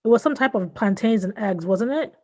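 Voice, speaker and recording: A woman voicing a young male doctor who talks in an unhurried southern drawl. The voice is mellow and low in brightness, in a story reading. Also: animated, lightly acted. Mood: easygoing. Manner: slow, drawling.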